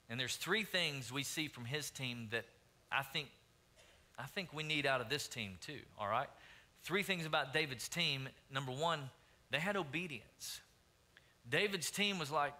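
A man preaching a sermon as pastor, repeating phrases and calling out questions to the congregation. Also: medium pitch. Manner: preaching, rising to loud emphatic calls; repeats and restarts phrases, asks the crowd questions.

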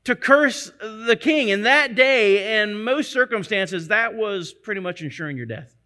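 A man preaches a sermon in a high, bright voice. He speaks earnestly and emphatically, doubling back on phrases to drive his point home. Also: expressive, measured pace, clean tone. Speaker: pastor.

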